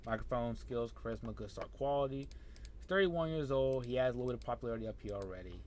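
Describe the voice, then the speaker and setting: A man's voice: medium pitch, fast, darkish tone, a little hiss or hum. A young man, casually thinking aloud and muttering as he plays a wrestling management game, talking to the characters on screen. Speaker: gameplay commentator. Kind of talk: casual let's-play commentary.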